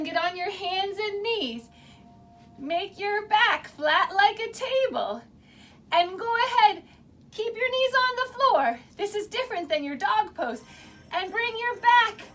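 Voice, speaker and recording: A woman teaching children a dance storytime from her basement, playful and encouraging, laughing often and making animal sounds. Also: very high voice. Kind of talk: guided movement storytime for kids. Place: home basement.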